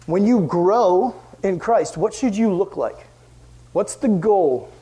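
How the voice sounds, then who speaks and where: Young male youth pastor, high-pitched, casual and energetic sermon. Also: takes it slowly. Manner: animated, acts out quoted voices.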